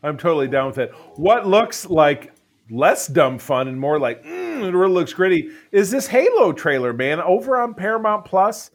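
A man with a somewhat high voice chats casually as a podcast co-host. He is enthusiastic and rambling, often stumbling and restarting mid-sentence. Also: big pitch swings, normal speed. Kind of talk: casual chat.

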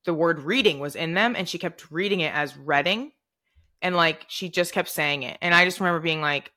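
A woman in her twenties co-hosting a podcast in casual chat, animated and laughing often as she jumps in with stories. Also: on the low side, fairly quick. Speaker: podcast co-host.

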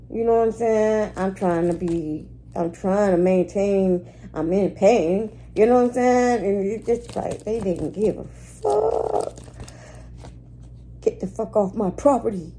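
Woman host of a casual reading vlog; slow, candid and slangy delivery, deep dark timbre. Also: low-quality recording. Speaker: astrology and spiritual reading host.

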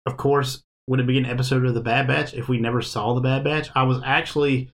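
A man's voice: medium pitch, fairly even intonation, brisk. A man hosting a casual podcast chat, talking in a loose, rambling way and laughing often. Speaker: podcast host.

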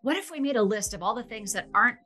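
A woman's voice: fairly high pitch, lively intonation, racing, pushed and bright. A woman talking earnestly and expressively as a podcast guest, laughing easily and using fillers like "you know.". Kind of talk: conversational podcast interview.

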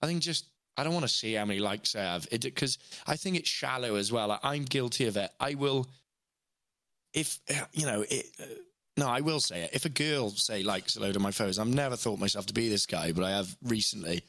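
A man's voice: fairly low pitch, fairly quick, fairly bright tone, no room sound. A man guesting on a podcast, talking candidly in a rambling, self-questioning way with frequent restarts.

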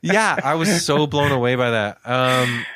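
A man's voice: medium pitch, animated, unhurried, a bit bright. A man co-hosting a casual talk podcast, telling a story in a chatty way, swearing freely and filling with "like". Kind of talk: casual chat.

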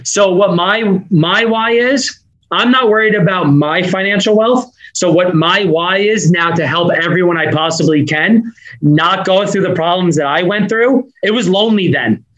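A man with a Northeastern US accent talks fast and with energy as a podcast guest. His voice sits high, and his sentences run on into each other. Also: fairly bright tone, lo-fi sound. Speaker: podcast guest, business owner. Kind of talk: fast casual interview talk.

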